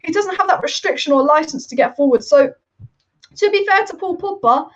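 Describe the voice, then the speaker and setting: A woman's voice: very high-pitched, lively intonation, a little fast. A woman hosting a football live stream, reading viewer comments and giving passionate, rambling opinions. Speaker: football channel host. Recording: dull lo-fi stream audio.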